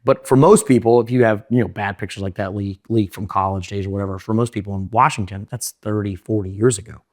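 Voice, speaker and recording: A young man telling his story in an interview, rushing in run-on sentences full of fillers and restarts. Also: lowish voice, steady tone, darkish tone, dry recording, studio quality. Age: young adult. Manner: fast, run-on talk with many fillers and restarts. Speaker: interview guest.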